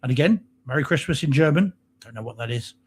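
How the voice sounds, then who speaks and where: A man's voice: a little high, lively intonation, fast talker, darkish tone, slightly rough. Chatty man greeting a live chat. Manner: chatty, reads out and greets viewer comments. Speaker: podcast co-host. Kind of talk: casual live-stream chat.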